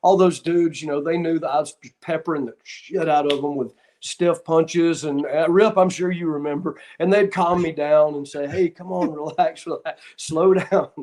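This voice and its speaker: A man with a drawl tells animated stories in a somewhat higher-than-usual voice. He speaks casually as an interview guest and plays out the lines of people in his stories. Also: moderate pace, few pauses, a little hiss or hum. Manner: animated anecdotes, acting out what others said. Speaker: guest, former wrestler and referee. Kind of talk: casual storytelling.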